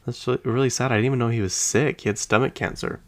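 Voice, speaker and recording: A man's voice: medium pitch, steady tone, fast. A male podcast host talking casually and gossipily about celebrity news, rambling and speaking directly to his listeners. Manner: chatty, gossipy, rambling, addresses listeners as "you guys". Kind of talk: casual pop-culture chat.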